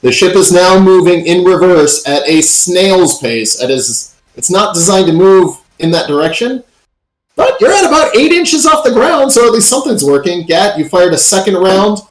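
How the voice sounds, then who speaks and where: Male game master, fairly high voice, roomy echoey sound, easygoing narration. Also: big pitch swings, normal speed. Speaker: dungeon master.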